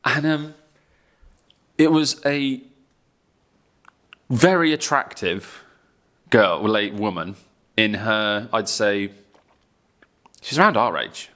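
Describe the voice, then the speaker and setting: A man with a low, bright, sharp-edged voice, chatting casually on a podcast. He rambles and circles back with plenty of fillers. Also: slow, long pauses. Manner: rambling with fillers, laughs along. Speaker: podcast co-host. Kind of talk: casual chat.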